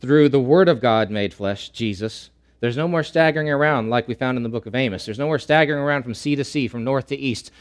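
A man with a mid-range voice preaches a sermon as a pastor, repeating key phrases and shifting between loud, emphatic lines and slow, hushed ones.

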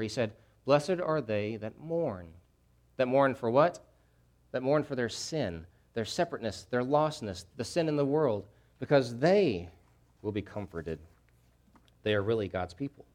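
Fervent preacher man, loud then hushed. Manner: swings from hushed, grave lows to loud, fervent emphasis; repeats key phrases for emphasis. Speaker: pastor. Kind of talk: sermon.

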